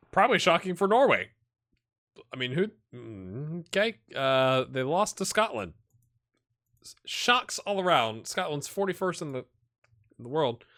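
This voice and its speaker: Hosting his gaming channel, a man offers casual, think-aloud commentary aimed directly at his virtual players. He's animated, and his voice jumps high when he gets excited.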